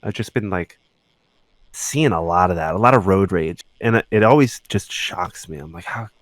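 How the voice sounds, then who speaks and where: A man co-hosting a podcast in casual chat, laid-back and quick to laugh along. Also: low-pitched, no room sound. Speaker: podcast co-host.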